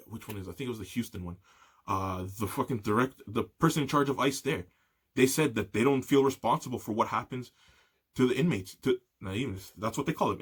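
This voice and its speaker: A man's voice: medium pitch, husky. A young man hosting a solo talk show, ranting heatedly with lots of swearing and a repeated "okay". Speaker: podcast host.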